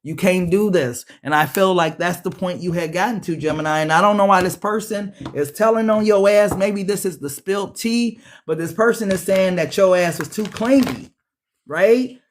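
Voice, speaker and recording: A man giving a casual tarot reading, profane and animated, calling his viewers beloved. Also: high voice, normal speed. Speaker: tarot reader.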